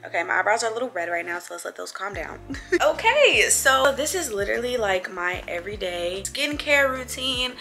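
A woman's voice: medium pitch, moderate pace, pushed and bright. A young woman chatting casually to camera in a beauty vlog, playful and talking to her viewers like friends. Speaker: beauty vlogger. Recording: faint music behind.

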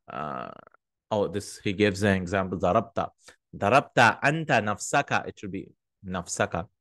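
A man teaching Arabic grammar in English, reading the Arabic text quickly and often checking in with a questioning "hmm?". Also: lowish voice, a bit bright, dry recording, studio quality.

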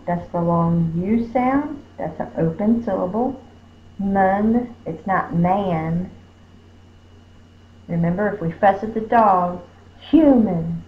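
A woman teaching spelling, sounding out words slowly and stretching each syllable. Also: lowish voice. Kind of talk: slow phonics lesson. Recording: roomy dull recording with faint hum.

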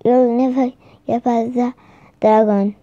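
A woman voicing an angry male villain in a children's storybook, reading slowly with a restart. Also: a little high, steady tone, mellow, no echo, natural voice. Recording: slightly dull lo-fi recording.

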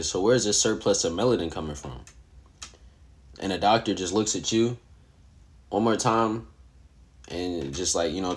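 Deep-voiced young man rambling a story. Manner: rambling, filler-heavy, conversational. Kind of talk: casual hypothetical storytelling.

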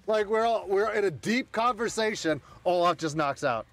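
A man's voice: high voice, animated, normal speed, few pauses, fairly bright tone, dry recording. A man streaming a game, chatting casually with friends, rowdy, joking and swearing a lot. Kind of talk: casual live-stream chat.

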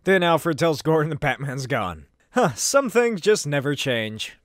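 A man's voice: a little high, very animated, measured pace, no room sound, clean studio sound. A man hosting a comedic comic-book recap, narrating with sarcastic asides and swearing. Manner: sarcastic, swearing, laughs at the pictures. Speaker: video host.

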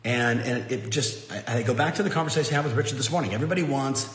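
A middle-aged man, the host, telling a motivational story in a casual, animated way, full of fillers like "like" and "you know". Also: medium pitch, fast. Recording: roomy echo with long reverb, faint ambience.

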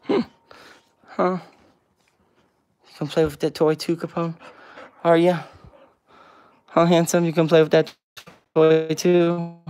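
A man's voice: a little high, level tone, unhurried, pauses often, a little mellow. A man hosting a casual livestream with viewers, answering comments one by one and cooing baby talk at his pets. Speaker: pet vlog host.

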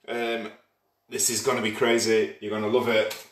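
A man's voice: fairly low pitch, monotone, normal speed. A man hosting an online dance party, chatty and playful as he greets viewers by name. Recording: roomy sound, away from the mic.

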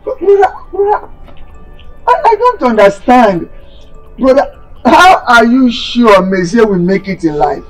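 A man's voice: very animated, unhurried, faint music behind, exaggerated voice, low-quality recording. A man with a Nigerian accent playing a greedy younger brother who keeps pleading for his elder brother's land. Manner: wheedling, repeats "brother" with sharp pitch swings. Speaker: scheming younger brother, chief.

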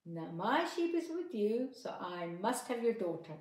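A woman voicing a small, pushy, wandering male mouse in a storybook with bright, pleading sing-song lines. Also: mid-range voice, sing-song, measured pace. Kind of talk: storybook narration. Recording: echoey room.

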